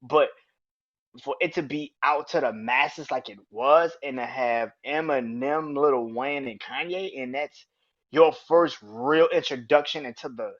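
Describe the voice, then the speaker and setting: Young male podcast host, casual excitable rambler, heavy fillers, mid-pitched, dull recording. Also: measured pace. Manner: excitable, swears freely, lots of "like" fillers. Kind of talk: casual monologue about music.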